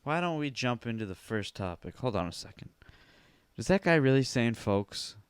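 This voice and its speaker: This solo podcast comes from a man's home basement, where he jokes and swears freely with lots of animation into a studio mic, monitoring through headphones. His voice is medium-pitched and smooth at a moderate pace, with no echo.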